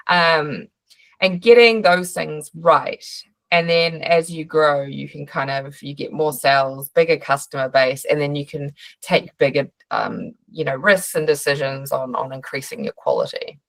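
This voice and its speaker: Brief: New Zealand woman, low voice, dry close sound, friendly art-business coach on a video call. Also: normal speed, creaky, no room sound. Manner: chatty, frequent fillers and restarts. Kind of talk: live online training Q&A.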